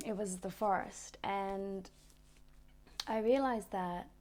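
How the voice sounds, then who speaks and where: A woman vlogger telling a personal story in a gentle, reflective way, often restarting her sentences. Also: medium pitch, fairly even intonation, takes it slowly, slight background noise. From Australia. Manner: reflective, gentle, with frequent restarts and soft laughs. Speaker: wellness vlogger.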